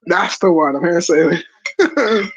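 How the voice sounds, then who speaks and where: A woman's voice: fairly low pitch, measured pace, breathy edge, no echo, low-quality recording. A woman hosting a stream, reacting in casual chat in a blunt, incredulous, swearing manner. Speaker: stream host.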